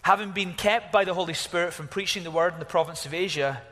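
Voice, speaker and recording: A man preaches a sermon in a reverberant church hall. His voice is fairly high and bright. He is animated, exclaiming at times and dropping to a hush at others. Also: fast talker. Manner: animated, exclaiming, varies from loud to hushed. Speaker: pastor.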